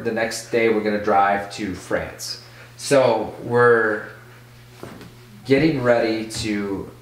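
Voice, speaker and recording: A man who is a podcast guest telling a casual story in an animated way, full of "like". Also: mid-range voice, far from the mic. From Michigan. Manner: animated, full of "like", acts out voices in quotes. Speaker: podcast guest, BMX rider. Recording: echoey room, off-mic.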